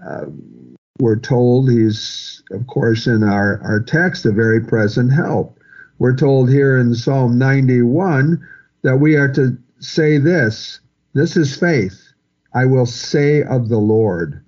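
A man preaching a sermon, quoting and repeating scripture in a measured, earnest way. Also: medium pitch, muffled recording. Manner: slow, repetitive preaching with scripture quotes.

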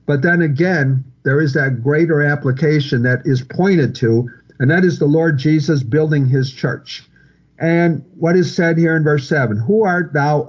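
A man delivers a verse-by-verse sermon in an earnest, repetitive manner, restarting phrases and pressing points home. His voice sits a little higher than most men's. The recording is dull and muffled, with the top end lost. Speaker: preacher. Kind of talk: expository sermon.

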